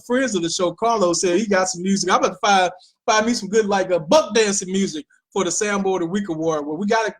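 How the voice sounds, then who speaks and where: An American man hosts a commentary show, his voice swooping through a lively range. He is sarcastic and exclaims a lot, and he jumps between mock surprise and blunt verdicts. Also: high voice. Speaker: host.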